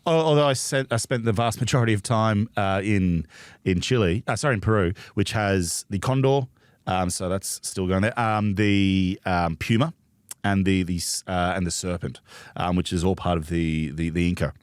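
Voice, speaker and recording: An Australian man talks as a co-host, rambling with frequent fillers. His voice sits a little low. The recording is dry and close. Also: moderate pace, clean tone, dry recording. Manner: rambling, hesitant, many fillers. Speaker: guest co-host. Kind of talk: casual podcast chat.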